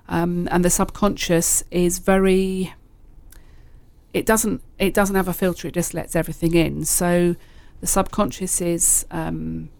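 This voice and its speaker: A woman, a hypnotherapist, explaining in a relaxed conversational way, often pausing with fillers and repeating phrases. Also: fairly low pitch, gravelly, no room sound. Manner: hesitant, filler-heavy, uses repeated self-talk phrases.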